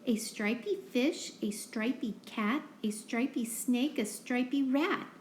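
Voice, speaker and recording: Woman doing fretful Mister Betts, high and pleading. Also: slow, slight background noise. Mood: indignant. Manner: pleading, sing-song listing. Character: fretful pet owner man, worried. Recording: roomy echo.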